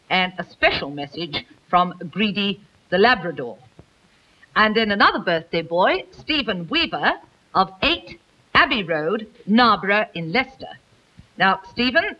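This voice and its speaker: A woman with a bright, clear voice hosts a 1950s-style television show in a studio. She chats, teases the musicians and reads birthday greetings, her pitch rising and falling in a lively way. The sound is dull and lo-fi, like an old TV recording. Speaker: TV presenter. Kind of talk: light entertainment presenting, reading birthday greetings.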